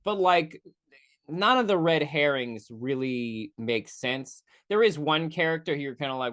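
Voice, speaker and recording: This podcast host is a man reviewing a movie solo, rambling, correcting himself, tossing in profane asides and quick mock voices. His voice sits fairly high and sounds expressive and a bit bright.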